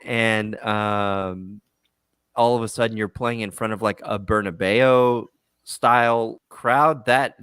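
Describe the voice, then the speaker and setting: A man's voice: fairly low pitch, a bit bright, no echo, clean studio sound. A man hosting a casual podcast chat, rambling with many restarts. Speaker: podcast host.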